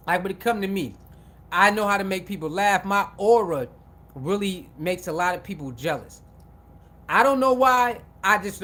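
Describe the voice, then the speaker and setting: High-voiced man giving animated commentary. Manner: repetitive, animated, acts out quoted voices. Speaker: sports commentator. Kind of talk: casual commentary monologue.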